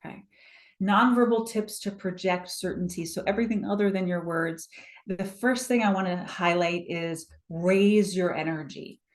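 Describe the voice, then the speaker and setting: A woman presentation coach leading a live online workshop, energetic and encouraging, often checking in with her audience over a video call. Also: lowish voice, moderate pace.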